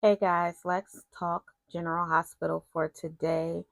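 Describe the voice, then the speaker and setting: A woman's voice: lowish voice, flat delivery, unhurried, vocal fry, no room sound. A woman casually recapping a TV soap episode, retelling scenes with quoted lines and personal asides.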